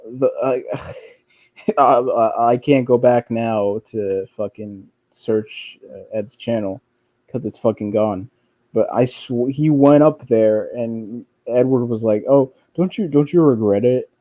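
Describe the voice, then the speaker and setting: A man rambles through casual commentary, swearing freely and restarting his sentences over and over. His voice is mellow and dark. The recording is close and dry. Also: mid-range voice, fairly even intonation, takes it slowly, no echo, dull audio. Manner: profane, rambling, with frequent restarts and fillers; mocks others by quoting them in a whiny voice. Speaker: streamer commenting on online drama.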